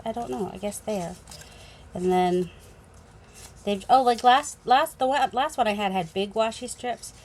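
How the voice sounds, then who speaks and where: A woman's voice: mid-range voice, a little mellow. A woman with a New England accent chatting casually as she unboxes craft supplies at home, thinking aloud, recorded on a phone. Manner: chatty, rambling, thinking aloud with many fillers. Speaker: crafting channel host.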